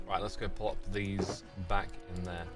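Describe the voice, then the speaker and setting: A man's voice: sits low, level tone, unhurried, over loud music. A British man streaming a game, thinking aloud and chatting with his viewers in a casual way. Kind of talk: casual livestream commentary.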